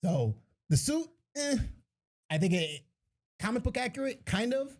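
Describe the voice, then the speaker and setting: A man's voice: extremely high pitch, big pitch swings, a little slow. A man hosting a podcast, chatting casually in an easygoing way and laughing along. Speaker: podcast host. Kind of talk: casual chat.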